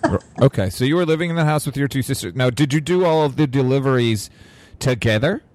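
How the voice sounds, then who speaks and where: A man's voice: mid-range voice, expressive, fast, a little mellow. A man hosting a podcast interview, who listens closely and asks short follow-up questions. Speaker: podcast host. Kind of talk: casual interview.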